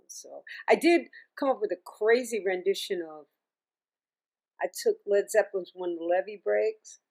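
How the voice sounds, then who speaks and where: A middle-aged woman, a singer and music teacher, telling stories as an interview guest in a chatty, animated way, often laughing and restarting her sentences. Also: on the low side. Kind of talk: casual interview storytelling.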